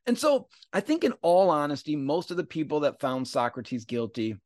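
Male host, relaxed storyteller who acts out the quotes, lively pitch that rides high. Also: moderate pace, no room sound, clean studio sound. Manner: slangy, conversational, acts out quotes. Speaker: podcast host. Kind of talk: casual explanatory retelling.

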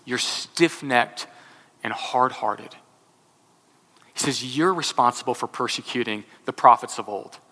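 A man's voice: medium pitch, a little slow, pushed and bright. A man from Texas preaching a sermon, telling a self-deprecating personal story in a casual, conversational way. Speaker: pastor. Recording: long reverb from a large hall.

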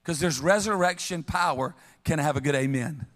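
A middle-aged man preaching a sermon as pastor, telling funny stories with lively call-and-response to the congregation. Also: a little high, fairly quick. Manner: humorous, animated storytelling with call-and-response. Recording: long reverb of a large hall.

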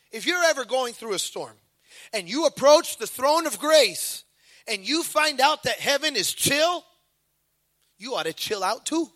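Preacher, male, high and bright, animated storyteller who acts out voices, dry close sound. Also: no room sound. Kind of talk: sermon.

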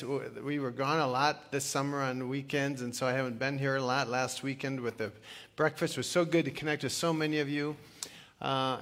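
A man's voice: medium pitch, a bit bright. An older man, a retired pastor, preaching a sermon in a chatty storytelling way with self-deprecating humor and plenty of "uh" fillers. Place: church sanctuary. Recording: long reverb of a church hall.

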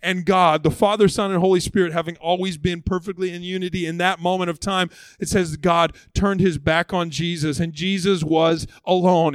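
A man preaching a sermon as pastor, conversational and lively, often repeating words as he builds his point. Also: high-pitched, smooth, dry recording.

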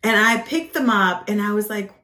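Woman host, mid-pitched, lively testimony storyteller who acts out quotes, recorded in an echoey room. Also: moderate pace. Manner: animated storyteller, acts out quoted voices, frequent fillers. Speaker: ministry podcast host.

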